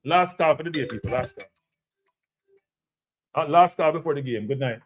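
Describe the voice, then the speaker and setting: Emphatic Jamaican football show host. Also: male voice, on the high side, normal speed, a little hiss or hum. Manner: repetitive, emphatic, addresses viewers as people. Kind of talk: casual football analysis chat.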